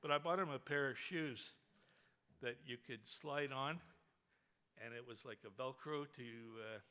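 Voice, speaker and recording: A man speaking at a memorial who tells a humorous anecdote with animated storytelling and laughs along as he goes. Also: mid-range voice, a little slow, clear, resonant tone.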